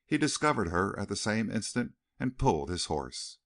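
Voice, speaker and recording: A man narrating a western novel as an audiobook, reading in an expressive, dramatic way. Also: lowish voice, normal speed. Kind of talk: scripted narration.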